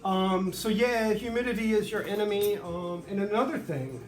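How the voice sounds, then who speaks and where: A man's voice: sits high, normal speed, reverberant. A man who makes violins, explaining his work in a rambling, chatty way full of fillers and asides. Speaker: violin maker. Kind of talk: casual workshop tutorial. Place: humid workshop near the beach.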